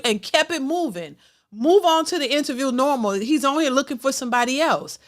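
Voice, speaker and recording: High-voiced woman giving opinionated reaction commentary. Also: animated, a little fast, fairly bright tone. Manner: opinionated, frequent restarts and stammers. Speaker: reaction channel host.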